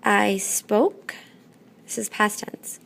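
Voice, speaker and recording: A woman teaching a classroom lesson, patient and methodical, often pausing to check in. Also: medium pitch, gravelly, fairly bright tone. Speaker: Spanish teacher.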